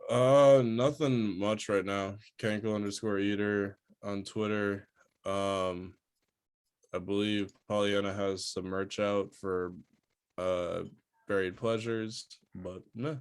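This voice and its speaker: Laid-back low-voiced male co-host. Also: fairly even intonation, takes it slowly, smooth. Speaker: podcast co-host. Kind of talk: casual chat.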